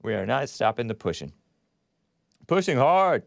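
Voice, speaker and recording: A man's voice: medium pitch, sing-song, normal speed, gravelly, dry recording, clean studio sound. A man hosting a call-in talk show, chatting casually, laughing often and reading out listener comments. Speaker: radio call-in show host.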